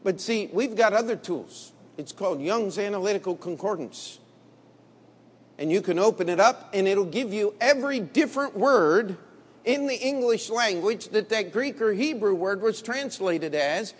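A man preaching a sermon in a blunt, combative way, dropping to low murmurs and rising to loud emphatic bursts. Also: expressive, normal speed, slightly rough. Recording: long hall reverb.

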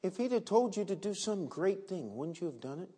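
High-voiced man preaching in a hall. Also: a little fast, husky. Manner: animated storytelling preaching with rhetorical questions to the congregation. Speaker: pastor. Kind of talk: sermon. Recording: long reverb in a large hall.

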